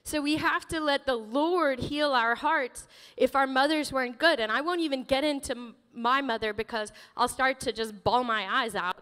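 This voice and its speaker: A woman pastor preaching a sermon in a church, emotional and animated, laughing often as she tells stories. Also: high-pitched, normal speed, few pauses, clear, resonant tone, big-room sound. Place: church sanctuary.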